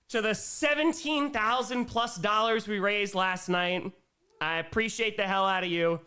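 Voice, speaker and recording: A young man chats casually on his livestream with a high, bouncy voice that swings all over. His tone is bright, and he rambles, giggling between thoughts as he thanks viewers. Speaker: livestream host.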